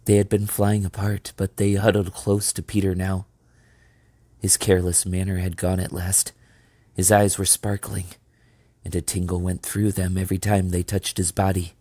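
A man reading a children's novel aloud as storyteller, steady and measured. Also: sits low, dry recording.

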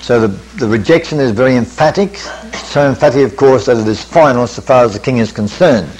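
An older male preacher taking a camp meeting through a parable, step by step. He talks in a measured, teacherly way, asks his listeners questions, and reads the old scripture wording with care. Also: medium pitch, a little mellow, a little hiss or hum, rough recording. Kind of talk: Bible study lecture.

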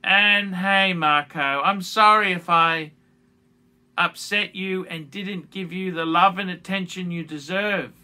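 A high, very bright male voice speaks slowly in a halting, heartfelt apology to camera. He repeats himself and restarts phrases as he speaks. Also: fairly even intonation. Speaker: YouTuber making an apology video. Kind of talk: emotional direct-to-camera apology.

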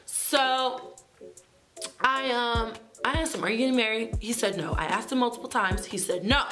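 A young woman vlogger telling a story in casual storytime style, sassy and animated, talking straight to her viewers. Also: on the high side, normal speed.

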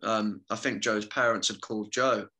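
A man's voice: lowish voice, fairly even intonation, normal speed, sharp tone. A man talking informally as a podcast guest, casually tossing in "mate" and "man" between phrases. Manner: informal, calls the listener mate constantly. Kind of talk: casual conversation.

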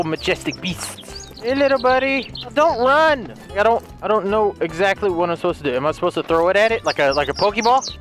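A young man doing excitable, playful solo gameplay commentary, swearing casually as he goes. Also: sits high. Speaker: gaming YouTuber.

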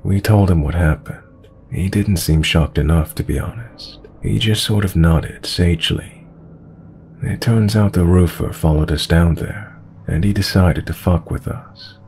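A man narrating true horror stories in a calm, measured storytelling voice. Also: deep voice, gravelly, a little hiss or hum.

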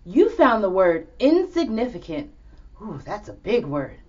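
A woman's voice: medium pitch, big pitch swings, a little slow, a little mellow. A woman presenting a children's show in an encouraging, upbeat way. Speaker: host. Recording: dull lo-fi sound.

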